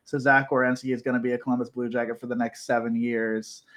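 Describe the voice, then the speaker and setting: A man's voice: mid-range voice, little pitch movement, fast, fairly bright tone. A man co-hosting a casual sports podcast, chatty and telling stories with frequent laughs. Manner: chatty, storytelling, laughs often. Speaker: podcast co-host.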